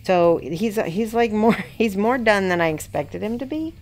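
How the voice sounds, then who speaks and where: A woman host chatting excitedly on a live stream as she shows off a miniature she is painting. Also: mid-range voice, normal speed, soft background music. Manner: chatty and excitable, often laughing. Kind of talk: casual live-stream chat.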